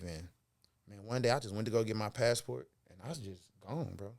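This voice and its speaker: A man's voice: medium pitch, fairly quick. Laid-back texan guy telling stories. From Texas. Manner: animated storyteller, slangy and laid-back. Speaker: podcast guest, former football player. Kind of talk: casual storytelling chat.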